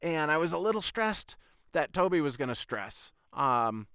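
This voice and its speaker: A man's voice: fairly high pitch, sing-song, moderate pace, a bit bright, clear, resonant tone, no room sound, studio quality. A man hosting his own podcast, telling a long personal story in a loose, rambling way, full of swearing and "I was like" retellings. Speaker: podcast host. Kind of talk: casual storytelling monologue.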